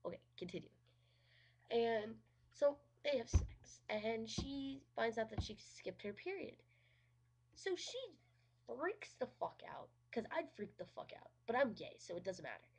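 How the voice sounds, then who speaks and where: Very animated and somewhat high-voiced, a woman moves at a moderate pace through a laid-back movie review. Her take is full of sarcasm and swearing, with "like" cropping up all the time.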